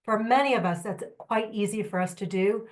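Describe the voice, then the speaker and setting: A woman trainer giving a lively, candid workshop talk to a live audience, with joking asides and questions to the room. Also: mid-range voice, normal speed. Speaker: trainer presenting at a symposium.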